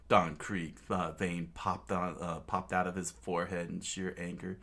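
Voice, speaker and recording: A man reading a manga story aloud in a casual, halting way, with frequent fillers and restarts. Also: low-pitched, flat delivery, creaky, pushed and bright. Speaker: reader.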